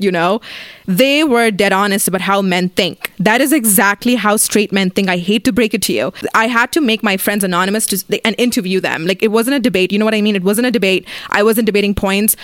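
A woman's voice: mid-range voice, fairly bright tone, no room sound, studio quality. A young woman vlogger telling a story-time rant in a blunt, rambling, profane way, full of fillers.

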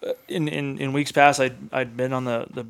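A guy on a podcast spinning a story, casual and animated, cussing a lot and saying "like" constantly. his voice sits in the middle, neither high nor low, and he sounds fired up. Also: normal speed, clean tone. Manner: animated, swears freely, many fillers. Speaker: podcast guest, hunter. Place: in-person recording on a hunting trip.

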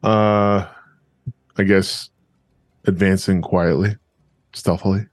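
A man at a tabletop game asks hesitant questions about what his character can do. His voice is low and the recording is dry and close. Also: little pitch movement, slow, no room sound. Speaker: player.

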